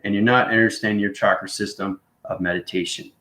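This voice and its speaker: A man's voice: on the low side, steady tone, brisk, a bit bright, echoey room, rough recording. A man hosting a casual spiritual monologue, rambling and checking in with "right?" and "you know what I mean" after nearly every point. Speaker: spiritual video host.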